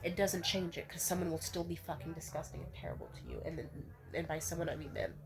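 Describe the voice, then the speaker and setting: Young woman venting hard on camera, lowish voice, swears a lot, blunt. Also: fast. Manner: blunt, profane, heated; repeats herself to restate points. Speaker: vlogger. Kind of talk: casual rant to camera.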